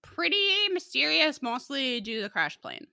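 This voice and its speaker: Bright, lively woman podcast host. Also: high-pitched, moderate pace, gravelly, no room sound. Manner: animated, laughs often, chatty asides. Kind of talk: casual podcast chat recapping a TV episode.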